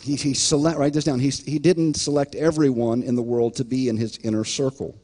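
A man's voice: medium pitch, little pitch movement, fairly quick, warm tone. A man preaching a sermon as pastor, emphatic, often repeating words and acting out imagined voices.

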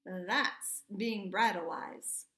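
A woman's voice: medium pitch, fairly bright tone, echoey room. A woman voicing a proud veteran cavalry horse. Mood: lecturing. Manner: earnest, lecturing, brisk.

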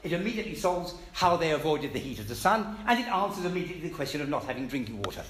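A man's voice: a little high, sing-song, very fast, a bit bright. A British man giving an emphatic, scornful public lecture to an audience in a hall. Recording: echoey hall with faint ambience.

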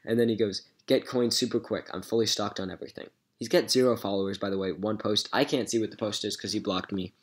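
A man's voice: fairly low pitch, fairly even intonation, fast talker, hardly any pauses. A man recapping a chat with a scammer for his gaming channel, chatty and amused, with lots of "um"s. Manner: chatty, retells messages with "so I go", many "um"s. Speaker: gaming YouTuber. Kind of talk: casual recap vlog.

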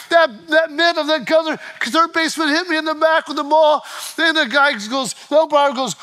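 A male pastor preaching a sermon, telling stories in an animated way with quick restarts. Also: very high voice.

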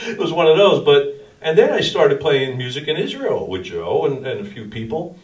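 A man's voice: fairly high pitch, moderate pace, recorded from a distance, highs cut off. Casual, slangy man preaching in an echoey room. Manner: casual storytelling, slangy and animated. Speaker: pastor. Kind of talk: informal sermon. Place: small church cafe venue.

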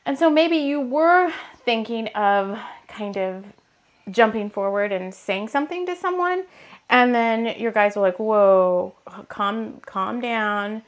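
A woman giving a rambling, casual spiritual card reading, her throat a bit hoarse and scratchy, laughing often. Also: on the high side, animated, a little slow. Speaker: tarot card reader.

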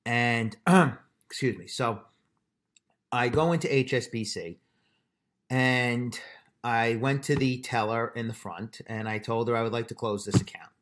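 A man's voice: mid-range voice, unhurried, a bit bright. Exasperated man telling a story. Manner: exasperated, emphatic retelling with mild slang. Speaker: construction business owner. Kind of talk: casual storytelling vlog.

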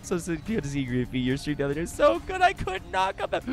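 A man streaming a video game live in casual chat, excitable and profane, laughing and greeting viewers loudly. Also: sits high, fairly quick, gravelly, music in the background. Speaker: livestreaming gamer.

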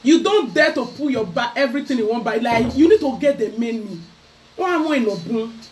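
A Nigerian woman vlogger ranting loudly to camera in a mocking, scolding way. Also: a little high, lively intonation, fairly quick. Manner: loud, mocking, switching into Pidgin. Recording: voice a bit far from the mic.

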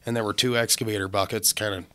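A man's voice: on the low side, fairly even intonation, fast talker, pushed and bright. A young man, a welder, telling blunt, swear-heavy stories in casual podcast chat.

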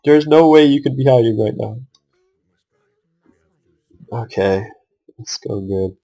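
A man's voice: medium pitch, slow, creaky, mellow, low-quality recording. A young man giving casual commentary on his own strategy game match, swearing often and venting at his opponent.

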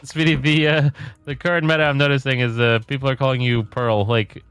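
A man chatting casually while playing a game, easygoing and quick to laugh. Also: medium pitch, level tone, a bit bright, smooth, no echo, soft background music. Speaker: co-player. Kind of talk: casual gaming chat.

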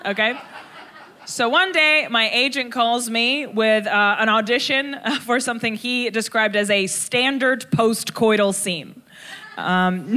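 A young adult woman performing stand-up comedy, telling a story in an animated, crude, self-mocking way on a live stage. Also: on the high side.

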